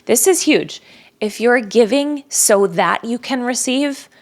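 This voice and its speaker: A woman's voice: fairly high pitch, animated, slow. A woman hosting a podcast alone, talking in an earnest, reflective way that sometimes drops to a near-whisper. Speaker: podcast host. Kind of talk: reflective solo podcast talk.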